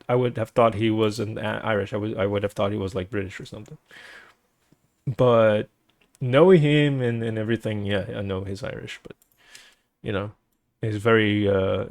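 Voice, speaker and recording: A man's voice: fairly low pitch, no echo, studio quality. Brazilian-accented man chatting with viewers. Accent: Brazilian Portuguese. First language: Portuguese. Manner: rambling and hesitant, full of restarts and "like". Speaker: streamer. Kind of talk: casual chat with stream viewers.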